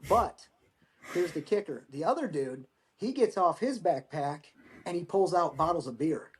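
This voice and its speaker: A man's voice: fairly high pitch, moderate pace, slight background noise. Laid-back American man telling war stories. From United States. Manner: relaxed, profane, repeats words when starting phrases. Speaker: guest, Marine veteran. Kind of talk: casual storytelling.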